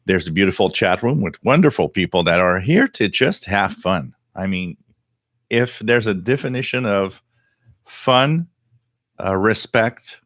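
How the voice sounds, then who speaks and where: A man's voice: low voice, fairly bright tone, no echo, clean studio sound. A middle-aged French Canadian man, French his first language, hosting a live radio hobby stream in casual, rambling chat with many fillers. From Quebec, Canada. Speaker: host.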